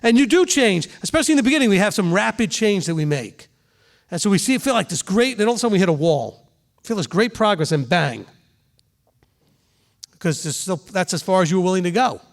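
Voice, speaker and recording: A middle-aged man, a rabbi, teaching a congregation in a relaxed sermon, often turning to ask the room questions and acting out quick examples. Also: high voice. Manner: conversational preaching, asks the room questions, voices quick examples.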